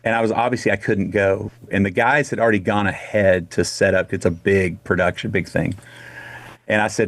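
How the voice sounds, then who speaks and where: A middle-aged man from Texas telling a personal story in a casual radio interview, animated and full of restarts. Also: deep voice, normal speed, no room sound. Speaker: guest singer.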